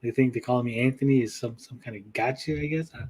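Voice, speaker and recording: A man hosting a podcast in casual chat, swearing freely and talking with pauses. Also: mid-range voice, breathy edge. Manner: chatty, swears often, lively swings in loudness; speaks with pauses. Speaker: podcast host and YouTuber.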